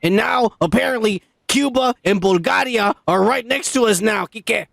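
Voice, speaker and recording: A man co-hosting a casual podcast, ranting loudly with heavy swearing. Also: sits high, moderate pace, creaky, dry recording, studio quality. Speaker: podcast co-host. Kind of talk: profane casual podcast banter.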